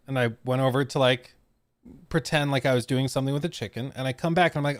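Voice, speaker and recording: A young adult man co-hosting a casual podcast, animated and acting out quotes with big pitch swings. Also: fast, no room sound, studio quality. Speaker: podcast co-host.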